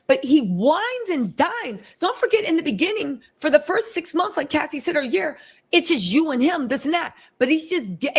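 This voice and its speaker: Woman doing casual commentary, animated, slightly high voice, keeps talking to the crowd. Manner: animated, talks in quick asides to the audience.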